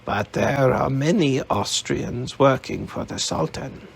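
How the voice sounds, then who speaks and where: A man's voice: mid-range voice, slow, gravelly. A man reading an audiobook, voicing a suspicious old woman leader with a crackly, scornful voice. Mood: probing. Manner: scornful, dismissive.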